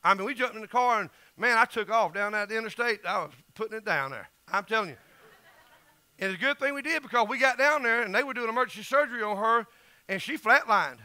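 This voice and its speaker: A man's voice: high-pitched, lively intonation, fast talker, sharp tone, no echo. A middle-aged man with a Southern US accent, preaching an emphatic, folksy sermon as pastor.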